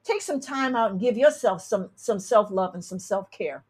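A woman's voice: medium pitch, expressive, moderate pace, breathy edge. A woman astrologer hosting a show, reading listener emails and giving blunt, sassy advice with emphatic repeats. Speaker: astrologer and tarot reader host.

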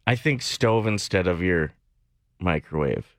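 A man's voice: sits low, expressive, a little slow, fairly bright tone, no echo, studio quality. Easygoing radio co-host man. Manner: joking, easygoing, laughs often. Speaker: radio morning show co-host. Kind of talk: casual on-air banter. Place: radio studio. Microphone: studio microphone.

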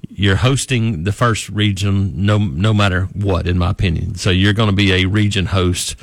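A man's voice: sits low, fairly even intonation, normal speed, no room sound. A man who reports on college sports, talking through a team's season on a radio show in a rambling, easygoing way with many restarts. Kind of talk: casual sports radio analysis.

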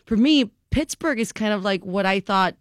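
A man's voice: high-pitched, moderate pace, no echo, clean studio sound. A man, a comedian guest, chatting casually in a radio interview, rambling with lots of "like"s and frequent laughter. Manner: rambling, animated, laughs often, many "like"s.

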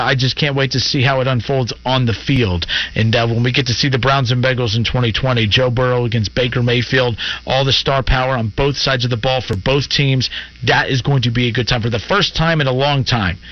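A man's voice: mid-range voice, fairly even intonation, brisk. A man hosting a call-in sports talk radio show, opinionated and argumentative, rambling through his points. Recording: lo-fi radio broadcast.

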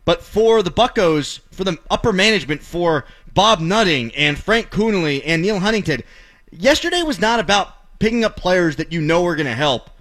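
A man's voice: high-pitched, animated, moderate pace, a bit bright. A middle-aged man, hosting a sports talk show and ranting with sarcastic, opinionated commentary.

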